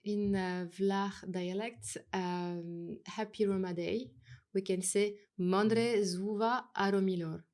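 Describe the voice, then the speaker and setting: Soft-spoken woman co-hosting a podcast. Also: mid-range voice, steady tone, slow. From northern Serbia. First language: Romani. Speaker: podcast co-host, journalist. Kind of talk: casual podcast chat.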